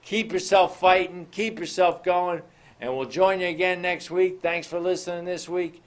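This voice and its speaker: A man with a slightly high voice gives a motivational talk, calling his listeners "folks". He moves from story to story and drives his points home with rhetorical questions. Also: steady tone, normal speed. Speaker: motivational show host.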